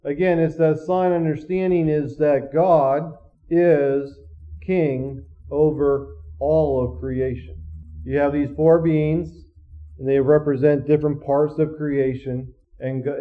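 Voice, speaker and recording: A man's voice: mid-range voice, phone-quality sound. A man teaching a Bible study in a conversational way, restarting phrases often and asking rhetorical questions.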